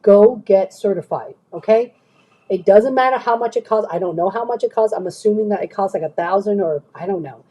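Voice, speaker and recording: A woman's voice: mid-range voice, fairly quick, dark tone, slightly rough, rough recording. A woman career coach chatting on a live stream, answering viewers' questions and often checking in with "okay?".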